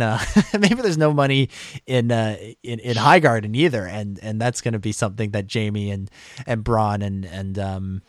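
A man co-hosts a casual podcast discussion, hesitant and full of fillers and restarts. His voice is ordinary in pitch and sounds close and dry, with no room sound at all.

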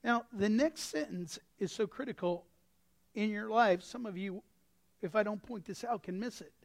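A male pastor preaching a sermon with a folksy, anecdotal manner, swinging from quiet asides to sudden shouts. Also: sits high, normal speed, creaky. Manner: impassioned, breaks into sudden shouts.

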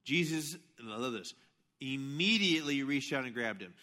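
A middle-aged man preaching a sermon as pastor, telling stories with animated swings between hushed asides and loud outbursts. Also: mid-range voice, normal speed.

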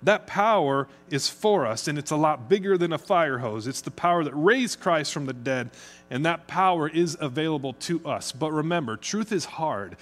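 A man's voice: on the high side, normal speed. A middle-aged man from the United States, preaching a conversational sermon as pastor. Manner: conversational, chatty, speeds up when excited.

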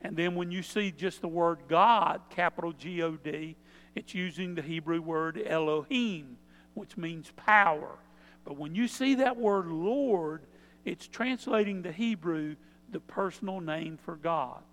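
A man's voice: a little high, measured pace, a bit bright, in a large hall. A male pastor preaching a sermon, explaining in a plain, conversational teaching tone.

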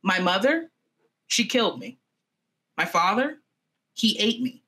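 A woman's voice: mid-range voice, animated, unhurried, a bit bright. A woman voicing a small magical bird, reciting its song in a sing-song way. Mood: eerie, singsong. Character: small magical singing bird, boastful ghost of a boy.

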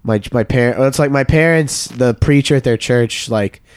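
In a radio studio, a young comedian guest tells a funny story during casual chat, animatedly acting out voices and laughing often. His medium-pitched voice is clear and resonant, at a moderate pace.

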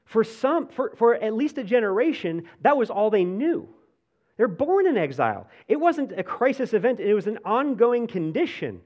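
A man preaching a sermon in a casual, conversational way, full of "like" fillers and restarts, swinging between animated bursts and hushed, soft passages. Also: high-pitched, moderate pace, lo-fi sound. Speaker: pastor.

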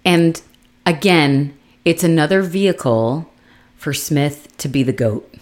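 A woman co-hosting a podcast, chatting casually and retelling scenes with lively acted-out quotes and some swearing. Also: low voice, takes it slowly. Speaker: podcast co-host. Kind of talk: casual chat recapping a TV show.

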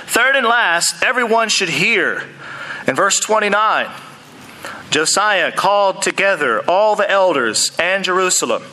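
A male preacher delivering a lively sermon in a church, mixing earnest points with joking asides to the congregation. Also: sits high, a little slow, rough recording.

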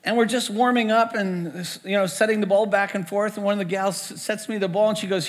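A man's voice: high voice, steady tone, fairly quick, hardly any pauses, a bit bright. A man, a pastor preaching a storytelling sermon in a conversational way, often repeating words as he goes. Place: church sanctuary. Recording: echoey church hall.

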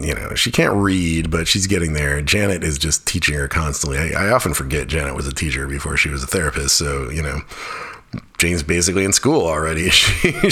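A man's voice: rumbling low, sharp tone, breathy edge. A middle-aged man hosting his own podcast, rambling in a chatty, casual solo monologue and swearing offhandedly. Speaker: podcast host.

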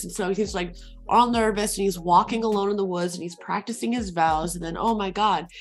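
A young woman casually retelling a movie plot to friends, rambling with lots of fillers and the odd swear. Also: mid-range voice. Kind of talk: casual chat.

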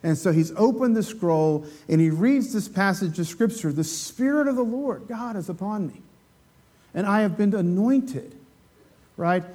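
A man with a high voice preaches a sermon to a congregation. He keeps it conversational and loose. He asks the listeners questions and slips into quick acted voices for the people in the story. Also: animated, mellow.

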